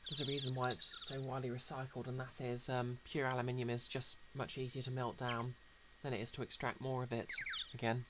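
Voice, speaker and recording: A woman's voice: extremely low pitch, level tone, brisk, hardly any pauses, heavy background noise. A woman streaming a game, giving chatty, explanatory asides with fillers. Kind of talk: casual game commentary. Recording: loud game music under voice.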